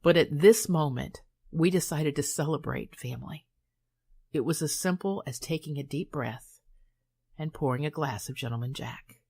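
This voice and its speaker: An older woman reading her own memoir aloud in a calm, measured, soothing way. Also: sits low, gravelly, husky. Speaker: author and hypnotist.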